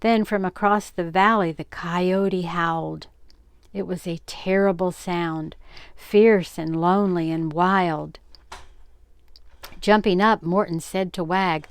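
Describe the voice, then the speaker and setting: An older woman reading a children's story aloud, gentle and expressive. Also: mid-range voice, takes it slowly, clean tone, no room sound.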